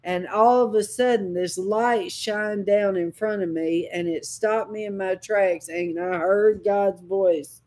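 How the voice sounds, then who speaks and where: A woman's voice: mid-range voice, steady tone, slow, few pauses, a little mellow. A woman preacher giving a sermon, telling a dream as personal testimony in a dramatic, impassioned way with sudden cries.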